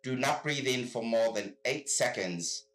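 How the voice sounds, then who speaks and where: A man's voice: medium pitch, expressive, a little slow, a bit bright, voice pushed down. A man putting on a grave American weatherman. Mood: mock-solemn. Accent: put-on American. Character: solemn male American TV weather presenter.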